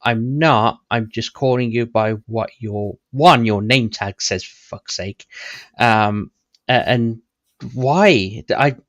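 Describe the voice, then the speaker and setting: A man's voice: medium pitch, takes it slowly, fairly bright tone, dry recording. A man chatting casually, hesitant and blunt, with many restarts. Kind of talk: casual stream chat. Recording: dull dry lo-fi mic.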